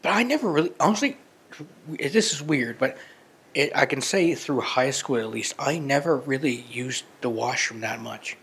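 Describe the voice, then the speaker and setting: A young man in relaxed podcast conversation with a slightly husky voice. He speaks hesitantly, restarting his sentences and trailing off with fillers. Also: mid-range voice, normal speed. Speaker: podcast co-host. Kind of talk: casual chat.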